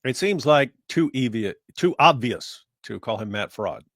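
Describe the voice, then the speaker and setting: Man, mid-pitched voice, dry close mic, wry teasing banter, casual livestream co-host. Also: lively intonation, measured pace, fairly bright tone, no room sound.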